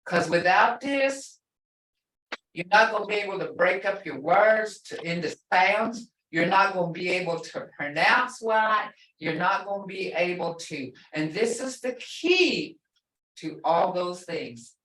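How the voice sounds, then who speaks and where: A woman language instructor leading a class through slow, repetitive syllable drills and explaining pronunciation emphatically. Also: on the low side, expressive, a bit bright, a little hiss or hum. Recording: echoey room, voice from a distance.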